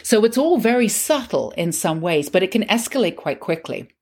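A woman's voice: mid-range voice, sing-song, moderate pace, breathy edge. A middle-aged woman hosting a podcast and telling a personal story in a candid, conversational, self-mocking way. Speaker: podcast host.

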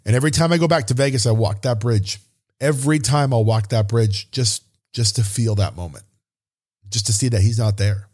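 A man's voice: mid-range voice, brisk, a little mellow. A man hosting a podcast, telling a personal story in an earnest, openly emotional way. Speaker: podcast host.

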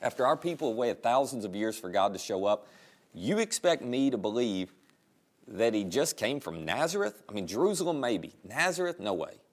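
A skeptical young man, blunt and incredulous, acted out by a male preacher. He scoffs at what he hears, and his pitch swings widely as he talks. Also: big pitch swings, moderate pace. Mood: scoffing. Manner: scoffing, disbelieving.

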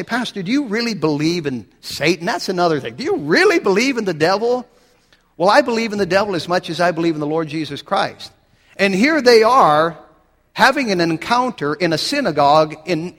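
A man's voice: high voice, fairly bright tone, long reverb tail. A man preaching a sermon as pastor, blunt and emphatic, asking the listeners pointed questions.

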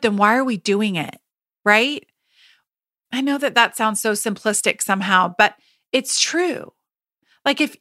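Her voice is high-pitched and a bit bright, captured dry with clean studio sound. The speaker, a woman in her thirties, hosts a podcast by herself, talking in a loose, emphatic way with frequent restarts and quoted remarks.

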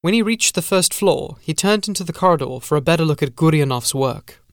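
A man narrating a gothic horror story in a measured, scripted audiobook style. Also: on the high side, lively intonation, no echo, studio quality.

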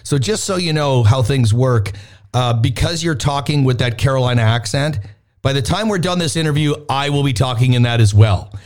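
A man's voice: medium pitch, normal speed, a little mellow. A man with a Canadian accent hosting a radio show, chatting casually with a guest and poking fun at himself. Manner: upbeat, joking, self-deprecating.

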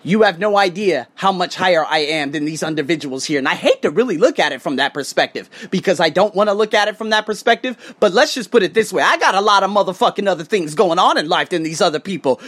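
A man who teaches English and hosts a podcast, talking straight to viewers in a heated, profane rant that swings between loud outbursts and low muttered asides. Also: fast talker, hardly any pauses. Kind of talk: casual ranting monologue to viewers.

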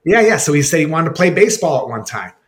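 A man who is a former hockey player, reminiscing in an interview. He repeats words often and talks in halting bits. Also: on the high side, lively intonation, fairly bright tone. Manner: halting, repeats words, acts out quoted exchanges.

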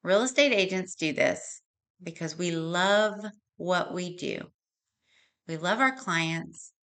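A woman's voice: lowish voice, animated, slow, a bit bright. A woman hosting a podcast, talking earnestly and with feeling, working through numbers aloud and at times tearing up. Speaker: podcast host. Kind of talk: heartfelt podcast monologue.

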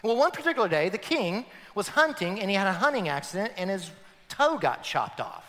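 A man preaching a sermon with animated emphasis, addressing the congregation. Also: high-pitched, a little fast. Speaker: pastor. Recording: long reverb of a large hall.

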